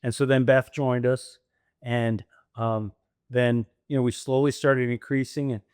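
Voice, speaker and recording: A middle-aged franchise owner tells stories in casual conversation, laughing often and acting out the voices of the people he quotes. His medium-pitched voice is clear and resonant, in clean studio sound with no room sound.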